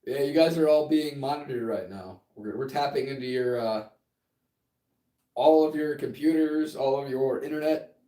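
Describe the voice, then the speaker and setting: A man's voice: mid-range voice, normal speed, dark tone, recorded from a distance. A man co-hosting a casual podcast who banters bluntly and swears a lot. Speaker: podcast co-host. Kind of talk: casual chat. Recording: roomy, off-mic.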